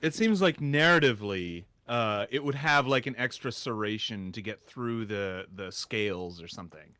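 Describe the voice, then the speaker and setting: A man chatting casually as a player in a tabletop game over an online call, laid-back and quick to laugh. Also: fairly low pitch, animated, pushed and bright, clean tone, no echo.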